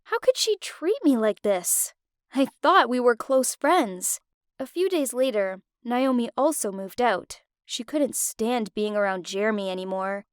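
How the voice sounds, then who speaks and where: A young woman tells her own story in the first person, emotional and confiding. Her voice is high and bright in pitch, and the recording is dry and close, with no room sound. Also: lively intonation, a little slow, clean tone, no echo. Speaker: narrator.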